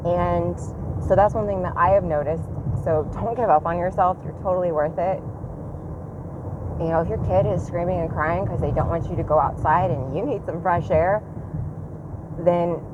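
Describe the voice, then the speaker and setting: Woman, 30s, casual vlog, deep voice, candid and rambling, traffic and a train behind her. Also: steady tone, normal speed, phone-quality sound. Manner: candid, rambling, self-reflective. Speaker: parent vlogger. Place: outdoors near a train line. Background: passing train and traffic.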